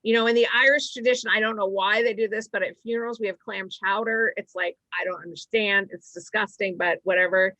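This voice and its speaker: A middle-aged woman from Massachusetts, a stand-up comedian telling rambling stories with quick asides in a casual chat. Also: medium pitch, fairly even intonation, pushed and bright, dry recording. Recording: dry, slightly dull sound.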